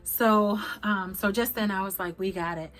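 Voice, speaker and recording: A middle-aged woman telling a personal story to her viewers, halting and emotional, with many fillers and restarts. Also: mid-range voice, steady tone, a bit bright, faint music behind. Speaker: vlogger.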